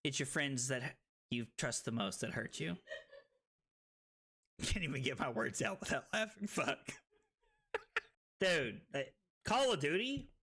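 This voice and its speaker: A man streaming a card game, tipsy and rowdy, swearing, laughing and shouting with excitement. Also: medium pitch, measured pace, long pauses, breathy edge. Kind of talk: rowdy drunk livestream chat.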